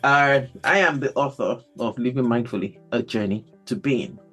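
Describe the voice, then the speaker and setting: A woman hosting a casual podcast chat, animated and quick to laugh, often repeating her words. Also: rumbling low, slightly rough, faint music behind. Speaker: podcast host.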